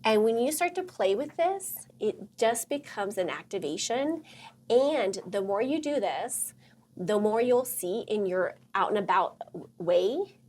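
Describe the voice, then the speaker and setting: A middle-aged woman hosting a motivational workshop talk, chatty and excitable with lots of fillers and a husky voice. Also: medium pitch, a little slow. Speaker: host and counselor.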